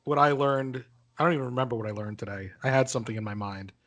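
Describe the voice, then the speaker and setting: A man's voice: mid-range voice, quick pace, fairly bright tone. A man hosting a casual podcast chat, joking and swearing as he leads the questions. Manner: joking, profane, leading the questions. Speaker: podcast host.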